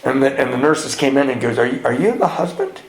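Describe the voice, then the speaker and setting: A man's voice: medium pitch, lively intonation, brisk, slight background noise. A man speaking at a men's retreat, telling a candid personal recovery story and acting out the lines of the people in it. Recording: roomy echo in a retreat hall.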